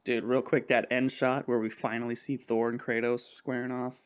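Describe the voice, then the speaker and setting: A man's voice: mid-range voice, level tone, moderate pace, clear, resonant tone. A young man co-hosting a podcast in casual chat, laid-back and laughing often, acting out little quotes. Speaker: podcast co-host.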